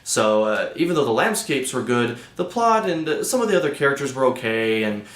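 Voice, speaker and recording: A man's voice: mid-range voice, very animated, fairly quick, fairly bright tone, echoey room. A young man hosting a casual movie review, chatty and loose with lots of fillers.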